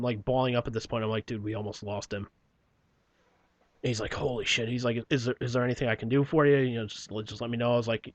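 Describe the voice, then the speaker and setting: A man's voice: medium pitch, dry recording. Man, casual podcast storyteller, rambling and profane, dry close mic. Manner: profane, rambling, often clears his throat, trails off quietly. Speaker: podcast guest telling his story.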